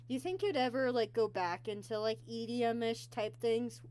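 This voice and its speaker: A woman hosting a casual online interview, talking haltingly with many ums and restarts. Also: a little high, fairly even intonation, darkish tone. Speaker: interview host.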